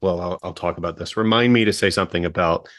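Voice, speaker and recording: A man's voice: low-pitched, fast, fairly bright tone. A man hosting a podcast in casual chat, steering the topics with hesitant fillers. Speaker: podcast host.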